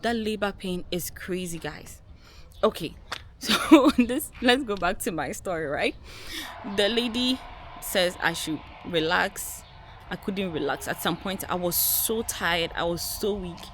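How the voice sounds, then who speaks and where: A woman's voice: lowish voice, measured pace, a little hiss or hum. A woman vlogger telling a personal story to her viewers in an emphatic way, repeating key words and calling them guys.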